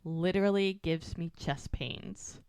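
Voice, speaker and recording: Smooth-voiced woman retelling scenes. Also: fairly low pitch, a little slow, darkish tone, dry recording. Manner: retells scenes acting out characters' lines. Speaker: podcast co-host. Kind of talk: casual recap chat.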